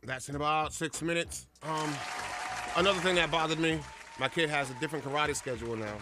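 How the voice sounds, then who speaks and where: A man's voice: on the high side, fairly quick, a crowd in the background, noisy background. A man in his thirties, a morning radio host, telling a story with lots of laughter in casual chat.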